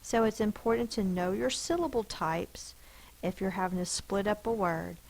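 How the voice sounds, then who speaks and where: A woman's voice: mid-range voice, normal speed, vocal fry, low-quality recording. A woman teacher giving a spelling lesson to children, sounding out letters and syllables one by one.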